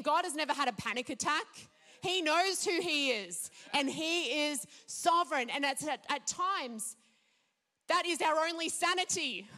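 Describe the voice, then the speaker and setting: A woman preaching a sermon, declaring scripture with emphatic, measured pauses. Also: high voice, pushed and bright.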